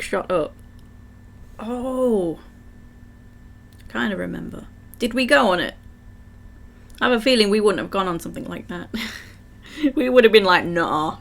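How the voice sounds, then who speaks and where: Slow-talking croaky woman streamer. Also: on the high side. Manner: chatty, giggly, reads chat aloud. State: croaky throat. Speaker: livestream gamer. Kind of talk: casual live gameplay chat, reading game text aloud.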